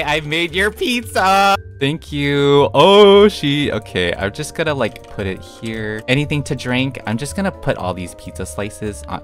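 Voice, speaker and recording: Giggling frequently and chatting to himself while he plays, a young man on YouTube provides playful gameplay commentary. His voice sits low, with a slightly bright quality.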